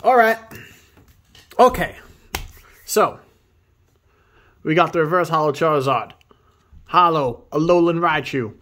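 A man hosting a video where he opens trading card packs, reading off each card and breaking into excited high exclamations at the good ones. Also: slow pace, pauses often. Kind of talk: casual pack-opening commentary.

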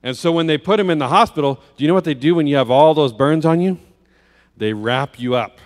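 Speaking on the high side and fairly quickly, a guest preacher tells a children's story in a church sanctuary, full of vivid detail and rhetorical questions. A long church-hall reverb surrounds his voice.

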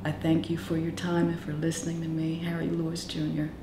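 A middle-aged woman giving a heartfelt documentary interview, telling warm family stories and growing emotional in places. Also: deep voice, monotone, fairly quick, reverberant, over music. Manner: heartfelt, storytelling, softening into emotion. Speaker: interviewee, eldest daughter.

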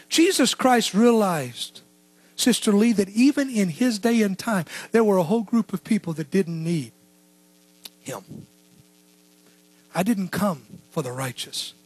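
A man preaching a sermon as pastor, swinging between shouted lines and hushed, low asides. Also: husky, no echo.

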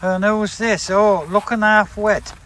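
A man's voice: high-pitched, fairly even intonation, slow, fairly bright tone. A man chatting bluntly while walking his dogs outdoors on a rural property. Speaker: dog breeder. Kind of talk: casual walking vlog.

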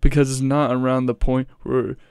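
A man chats through a reaction video in a loose, rambling way, often cutting himself off and cursing. His voice has a gravelly, fry-laden edge. The sound is dry and close, with no room around it. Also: medium pitch, little pitch movement, moderate pace, a little mellow, no echo. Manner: rambling, swears freely, breaks off mid-thought. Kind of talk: casual reaction commentary.

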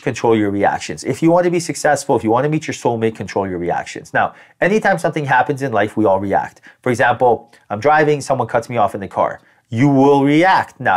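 A man giving a tarot reading as spiritual guidance, talking animatedly and acting out quoted voices. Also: mid-range voice. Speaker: tarot reader.

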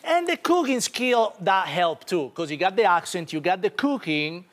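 A man's voice: high-pitched, sing-song, normal speed, fairly bright tone. A man with an Italian accent, a guest chef talking casually while demonstrating on a TV studio stage, playful and charming. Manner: playful and charming, self-mocking. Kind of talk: casual chat and cooking demonstration.

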